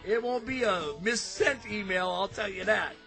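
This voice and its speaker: Bright-voiced joking male host. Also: high voice, moderate pace, creaky, faint music behind. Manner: rambling, joking, with many restarts. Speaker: show host. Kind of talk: casual chat.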